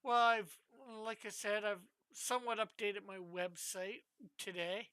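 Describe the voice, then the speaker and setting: A woman's voice: medium pitch, unhurried, a bit bright, clean tone, no echo. A woman hosting a live drawing stream, chatting in a meandering, giggly way. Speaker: stream host and comic artist. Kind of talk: casual live-stream chat.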